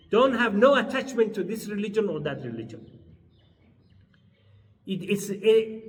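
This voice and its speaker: Man, lecturer, emphatic, repeats key words, long hall reverb. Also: sits high. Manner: emphatic, repeats key words, acts out short quoted exchanges. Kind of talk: lecture on philosophy. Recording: far from the mic in a reverberant hall.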